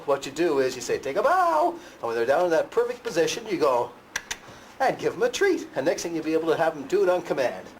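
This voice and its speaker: A man teaching dog tricks in a plain, explaining way, with bursts of high, cheerful praise for the dog. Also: slight background noise. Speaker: dog trainer. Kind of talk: instructional talk. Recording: music playing underneath.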